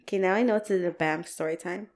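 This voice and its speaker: A woman's voice: on the low side, fast talker. A young woman co-hosting a podcast in casual chat, laughing often and swearing freely. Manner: laughing, swearing, animated banter. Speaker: podcast co-host.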